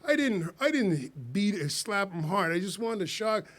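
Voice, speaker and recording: Guy telling a road story live, laughs a lot, kinda high voice. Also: very animated, unhurried, a bit bright. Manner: rambling, laughs often, acts out quotes.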